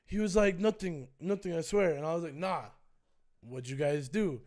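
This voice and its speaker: A young man tells a personal story on his stream, and his voice sits fairly high for a man. He acts out both sides of the scene in a loose, animated way and swears often. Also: normal speed. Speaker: streamer and co-host.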